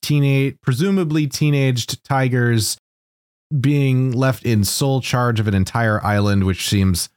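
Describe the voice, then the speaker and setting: A man co-hosting a casual podcast chat, joking in a dry, deadpan way. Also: mid-range voice, a little slow, clean tone, no echo. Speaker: podcast co-host.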